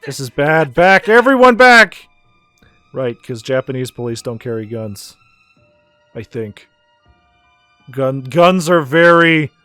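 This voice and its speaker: A man's voice: medium pitch, fairly bright tone. A man streaming a video game, commenting in an offhand, joking way and swearing casually.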